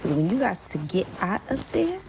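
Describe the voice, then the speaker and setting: Animated young woman telling a story. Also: moderate pace, gravelly, background noise. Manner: animated, filler-heavy retelling with acted-out quotes and big pitch jumps; drops to a hushed whisper at tense moments. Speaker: storyteller vlogger. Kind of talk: casual storytime.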